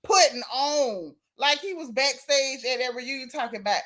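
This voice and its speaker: Woman w/ aave doing a gossip livestream, kinda high voice, reading chat out loud all animated. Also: moderate pace, hardly any pauses. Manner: animated, reads chat comments aloud. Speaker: host.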